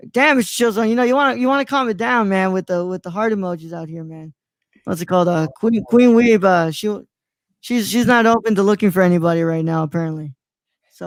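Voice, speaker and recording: This man in his twenties from Mexico hosts a casual live-stream chat, rambling, stumbling over names, and using many fillers. His voice sits high with vocal fry, and there's no echo.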